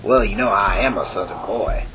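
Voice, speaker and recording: A man's voice: medium pitch, expressive, quick pace, over music, natural voice. A man voicing a playful young gay runaway who jokes with a put-on drawl. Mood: joking.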